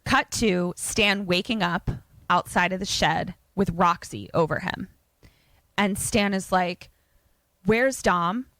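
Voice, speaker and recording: Animated woman retelling a film. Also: on the low side, takes it slowly, no room sound. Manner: animated, swearing, lots of fillers. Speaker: podcast co-host.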